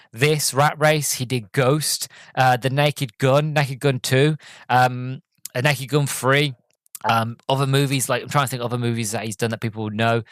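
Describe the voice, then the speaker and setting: A man's voice: mid-range voice, no echo. Enthusiastic, rambling male podcast host. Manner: enthusiastic, rambling, many fillers and restarts. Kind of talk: casual movie review.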